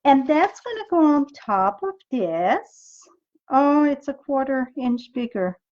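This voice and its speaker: In a live-streamed crafting session, a middle-aged French Canadian woman speaking with a French accent makes cards, chats with viewers, and thinks aloud. Her high voice moves through big pitch swings at a slow pace, and the recording loses its highs.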